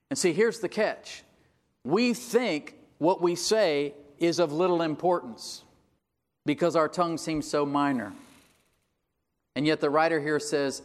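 A man preaching a sermon, building to emphatic bursts and calling out to his congregation for agreement. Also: a little high. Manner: emphatic preaching with rising bursts and call-and-response asides. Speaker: pastor.

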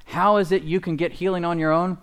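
A man's voice: sits high, fairly even intonation, a little fast, fairly bright tone, smooth. A male pastor preaching a sermon in an emphatic way, often calling out to his congregation for an amen.

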